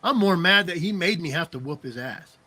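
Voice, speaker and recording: A man's voice: a little high, animated, brisk, bright, forceful tone, no echo. A middle-aged man telling rambling stories in casual chat, laughing often and checking in with "you know what I mean". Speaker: podcast co-host.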